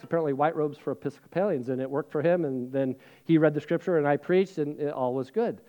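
Delivering a sermon, this middle-aged pastor tells a story from his own life, poking fun at himself, chatting along with lots of filler words, and going quiet and hushed when things turn serious. His voice sits a little high, and the recording's high frequencies are cut off.

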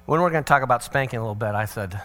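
Middle-aged guy telling funny parenting stories to a crowd, bright voice, does all the voices. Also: mid-range voice, rapid-fire. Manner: animated, acts out family dialogue with swings of voice; humorous, sarcastic asides. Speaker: parenting seminar speaker. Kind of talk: storytelling talk to an audience.

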